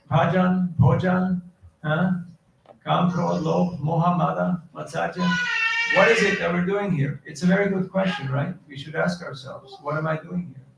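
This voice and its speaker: A man's voice: high voice, creaky, lo-fi sound. A man giving a devotional lecture who quotes Sanskrit verses and keeps putting questions to his audience. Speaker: preacher. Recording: echoey hall, distant mic, faint noise.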